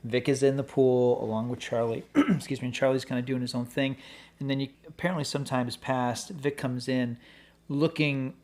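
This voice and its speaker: A man's voice: mid-range voice, steady tone, darkish tone. A man co-hosting a film podcast, chatting about a movie with wry enthusiasm. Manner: enthusiastic, wry, quick to laugh. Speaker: podcast co-host. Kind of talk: casual film-review chat.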